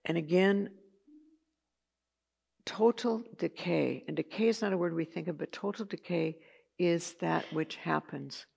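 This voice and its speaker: Woman, Bible study teacher, conversational, chatty asides, slight gravel in voice. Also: on the low side, measured pace, pauses often, darkish tone, lo-fi sound. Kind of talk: casual Bible lesson.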